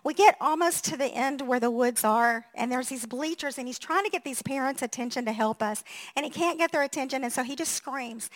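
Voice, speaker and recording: A woman pastor in her fifties preaches with a high, bright-sitting voice. She talks in a chatty, animated storytelling way, often breaking into laughter and acting out what people said. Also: fairly quick. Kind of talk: storytelling sermon.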